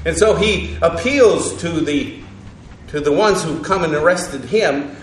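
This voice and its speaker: Halting man teaching a Bible lesson. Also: a little high, a little hiss or hum. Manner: halting, with frequent fillers and self-corrections. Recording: echoey room.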